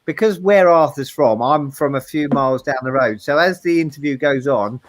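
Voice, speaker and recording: A man's voice: on the high side, moderate pace, a little hiss or hum. A man with a South East London accent co-hosting a casual chat, joking and laughing often at himself. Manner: jokey, laughs often, self-mocking. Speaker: co-host.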